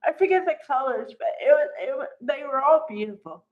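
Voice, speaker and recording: A woman chatting casually as she recaps a soap opera episode, animated and acting out the characters' lines. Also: high-pitched, fairly quick, narrow, tinny audio. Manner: chatty, animated, acts out quotes.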